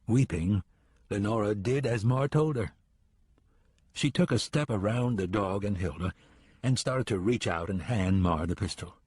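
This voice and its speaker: A man narrating an audiobook in a steady, even reading. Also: fairly low pitch, a little slow, breathy edge, no echo, clean studio sound. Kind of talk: scripted narration.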